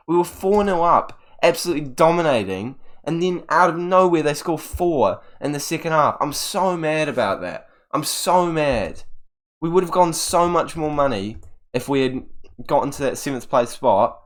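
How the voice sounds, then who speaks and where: A young man commentating on his own video game, exasperated and swinging between loud outbursts and low muttering. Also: animated, unhurried. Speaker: gaming video creator. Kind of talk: live gameplay commentary.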